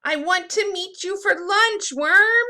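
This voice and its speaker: A woman voicing a hungry little bluebird in a high, chirpy, coaxing voice while reading a storybook aloud. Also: slow, sharp tone, full character voice.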